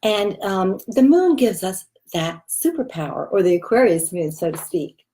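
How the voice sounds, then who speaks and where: A woman's voice: medium pitch, big pitch swings, moderate pace, dark tone. A woman chatting casually as a tarot reader while showing cards, loose and full of fillers. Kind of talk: casual chat showing a deck.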